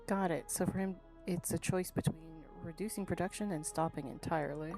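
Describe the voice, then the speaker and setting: A woman's voice: lowish voice, fairly quick, vocal fry. A woman streamer reading game dialogue aloud, with wry short replies. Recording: live stream over faint game music.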